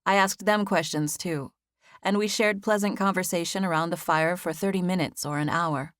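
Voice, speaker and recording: A woman narrating a contemporary first-person novel as an audiobook, with a gentle storytelling manner. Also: fairly low pitch, steady tone, moderate pace, no echo, clean studio sound.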